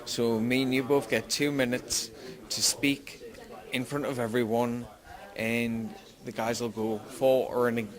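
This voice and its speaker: A young man with a Geordie accent from Newcastle, speaking slowly and carefully in an interview. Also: medium pitch, flat delivery. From Newcastle, England. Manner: slow, careful speech, tries to sound articulate. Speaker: fighter. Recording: crowd noise behind.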